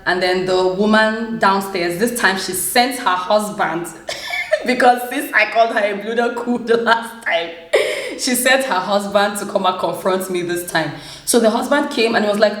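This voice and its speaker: Young woman, Nigerian English accent, lively storytelling vlogger acting out voices, mid pitch, echoey room. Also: normal speed. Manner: animated, laughs often, acts out quoted voices. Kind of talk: casual storytelling to camera. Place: room in a flat in Germany.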